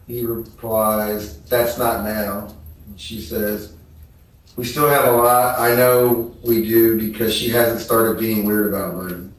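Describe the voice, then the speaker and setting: Flat slow-reading man in a courtroom. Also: on the low side, slight background noise. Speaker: trial witness. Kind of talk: reading text messages aloud in testimony. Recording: echoey courtroom from far off.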